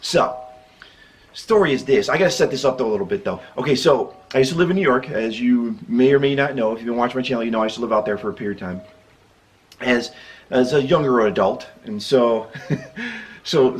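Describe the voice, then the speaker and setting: Rambling, laughing Midwestern man telling a story. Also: mid-range voice. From American Midwest. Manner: rambling and self-interrupting, breaks into laughter. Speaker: YouTube storyteller. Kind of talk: casual storytime narration.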